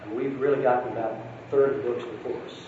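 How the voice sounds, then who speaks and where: A man speaks in an unhurried way as he lectures and reads from a story. His voice sits at a middling pitch. The recording is dull and far from the mic, in a big echoey hall with a faint hiss. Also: fairly even intonation. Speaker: speaker at a Christian campus talk. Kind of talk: lecture with a read-aloud story.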